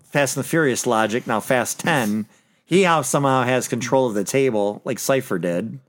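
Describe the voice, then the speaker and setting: A man's voice: medium pitch, normal speed. A man hosting a casual movie review chat, rambling through scene recaps and laughing as he goes.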